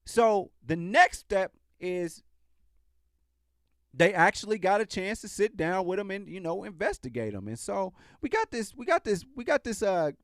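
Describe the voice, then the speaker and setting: A man's voice: high voice, big pitch swings, moderate pace, dry recording, studio quality. A man hosting a podcast, talking in a casual, sarcastic commentary style and often restarting his sentences. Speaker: podcast host.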